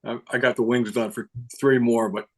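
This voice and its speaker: A man's voice: medium pitch, steady tone, moderate pace. A man telling jokes and chatting casually on a video call. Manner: jokey joke-teller. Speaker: meeting participant.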